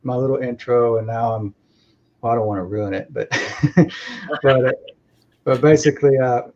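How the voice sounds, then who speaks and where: Male guest on a call, mellow tone, rambling casual talk, dull lo-fi audio. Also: medium pitch, fairly even intonation, normal speed. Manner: rambling, reflective, lots of "you know". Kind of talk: casual conversation.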